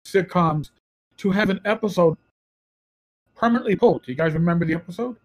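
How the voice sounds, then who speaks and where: Animated New man telling stories. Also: high-pitched, brisk. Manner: animated storyteller, quotes people in put-on voices. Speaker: podcast co-host, former police officer. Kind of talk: casual storytelling chat.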